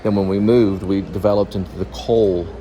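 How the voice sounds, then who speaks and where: A man's voice: low voice, fairly even intonation, brisk, dark tone, slight background noise. A man vlogging casually as he walks through a shopping mall, rambling and thinking aloud. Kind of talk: casual walking vlog.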